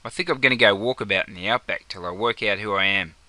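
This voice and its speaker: Fast-talking and sharp, a young adult Australian man plays the easygoing bloke Jono in a comedy sketch, bantering broadly in slang. His voice sits lowish, and there's no room sound.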